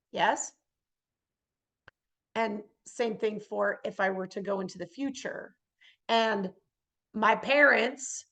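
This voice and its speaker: A woman giving a motivational spiritual talk. She often checks in with her listeners by asking "yes?" and acts out everyday scenes in lively voices. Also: high voice. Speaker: spiritual speaker.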